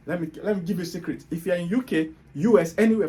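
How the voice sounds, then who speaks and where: A mellow yet high-pitched male voice races along with hardly any pauses: a Nigerian man, Nigerian accent, hosting a motivational monologue. He is emphatic and hectoring, leaning hard on rhetorical questions to drive his points home.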